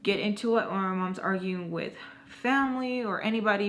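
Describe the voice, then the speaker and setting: Storytime vlogger, woman with a mid-range voice, chatty and animated. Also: mid-range voice, normal speed, slight background noise. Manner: animated, acts out quoted dialogue; rambling, self-correcting asides. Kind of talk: casual storytime retelling.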